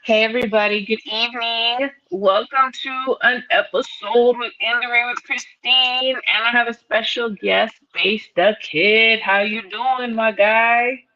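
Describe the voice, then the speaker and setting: A woman's voice: a little high, steady tone, a little slow, few pauses, bright, forceful tone. A woman hosting a casual live-stream chat about boxing, chatty, with many fillers and frequent laughs. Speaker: host. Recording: muffled lo-fi stream audio.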